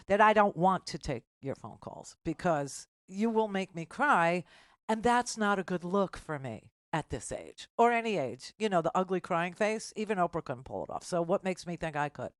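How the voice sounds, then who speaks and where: A woman's voice: on the low side, dry recording, clean studio sound. An older woman hosting a radio talk show, rambling and self-deprecating, laughing often through an emotional farewell with callers.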